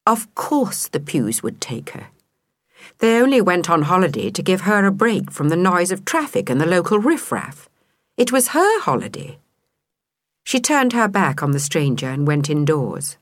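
A woman reading a children's storybook aloud, expressive and measured, with a lower voice that rises and falls widely. The sound is dry and close with no room around it. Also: no echo. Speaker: narrator.

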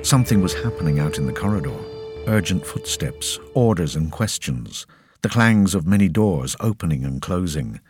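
A man narrating an audiobook with expressive, scripted storytelling. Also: low voice, normal speed, music in the background.

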